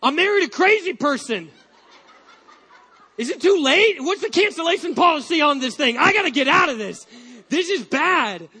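A man's voice: very high-pitched, animated, moderate pace, sharp tone, long reverb tail, pitched above the performer's own voice, heavily acted. A man voicing his alarmed young newlywed wife in a sermon story, panicky and exasperated. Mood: panicked.

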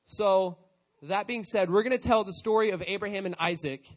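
A man with a high voice preaches in a relaxed, conversational way. He retells a scripture story in his own words, slipping into quoted lines as he goes. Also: normal speed. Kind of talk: storytelling sermon.

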